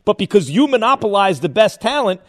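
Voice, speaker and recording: Radio host guy, kinda high voice, keeps poking with questions, restarts a lot. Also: big pitch swings, fairly quick, fairly bright tone. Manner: probing, thinks aloud with restarts. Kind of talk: sports radio interview.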